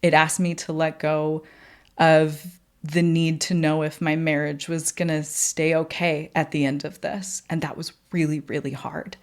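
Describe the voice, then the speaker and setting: A woman's voice: sits low, flat delivery, measured pace. A woman podcast host in her thirties telling a personal story candidly, laughing often and swearing casually.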